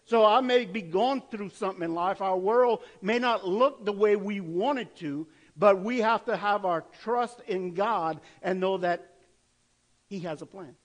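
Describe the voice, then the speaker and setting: A man's voice: high voice, unhurried, poor audio. A man preaching a sermon in an earnest, conversational way, asking rhetorical questions of his listeners. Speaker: pastor.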